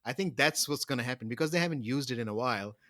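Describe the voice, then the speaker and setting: Kiwi guy rambling and joking on a podcast, bright voice, dry sound. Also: mid-range voice, rapid-fire, no room sound. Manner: joking, rambling, laughs often. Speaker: podcast co-host. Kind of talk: casual chat.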